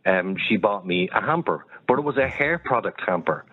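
A man on a radio panel, telling funny stories in a deadpan way. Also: on the low side, normal speed, slightly rough, narrow, tinny audio. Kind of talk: casual radio chat.

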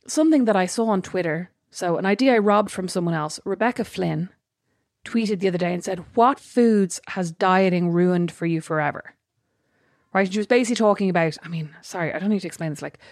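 A woman's voice: fairly low pitch, darkish tone, dry recording, clean studio sound. An Irish woman in her thirties co-hosting a podcast, chatty and self-mocking in casual conversation. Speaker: podcast co-host. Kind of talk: casual chat.

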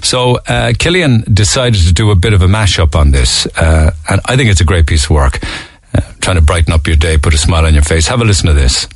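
A man's voice: deep voice, lively intonation, brisk, no echo. A man with an Irish accent hosting a radio talk show, chatting casually with callers, reading out listener texts and laughing easily. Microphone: studio microphone.

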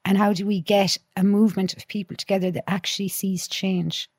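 A woman's voice: medium pitch, little pitch movement, a little fast, slightly rough, dry recording, studio quality. A middle-aged woman, a podcast guest, chatting earnestly and telling stories with many restarts. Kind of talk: casual conversation.

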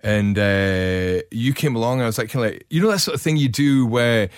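A man's voice: mid-range voice, a little fast, clear, resonant tone, no room sound, studio quality. A middle-aged man with a Scottish accent, hosting a podcast and telling stories in a chatty way, full of "like" fillers. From Glasgow, Scotland. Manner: chatty, frequent fillers and repeated "like". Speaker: podcast host. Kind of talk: casual conversational storytelling.

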